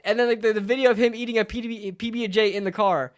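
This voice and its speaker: A man's voice: high voice, quick pace, hardly any pauses. A man streaming a live sports reaction, ranting in a heated, profane way and repeating lines for emphasis.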